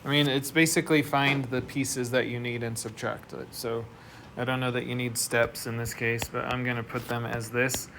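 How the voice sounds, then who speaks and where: A man's voice: mid-range voice, flat delivery, normal speed. Male math teacher, mid-range voice, patient step-by-step lecturing, classroom noise audible. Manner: explains step by step, asks the class questions. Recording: noisy classroom recording.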